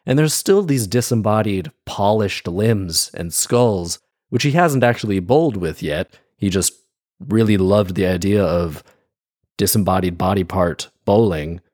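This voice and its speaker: A man's voice: on the low side, animated, unhurried, darkish tone, dry recording, clean studio sound. A man reading a fairy tale aloud and breaking off for wry, sarcastic comedic commentary. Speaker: storyteller and commentator.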